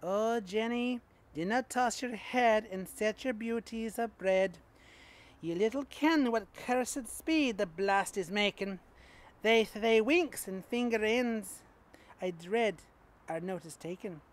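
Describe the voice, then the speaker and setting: A man's voice: high voice, slow pace. A man doing a scolding Scottish churchgoer. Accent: put-on Scottish. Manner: declaiming verse in broad dialect.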